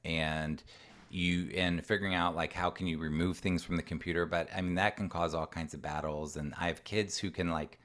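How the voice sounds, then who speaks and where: A man with a low voice talks parents through a coaching presentation. He speaks in an earnest, conversational way. Now and then he slips into short voices of a parent or a child. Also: fairly even intonation, normal speed, a bit bright. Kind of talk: online presentation with Q&A. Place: home room with a door.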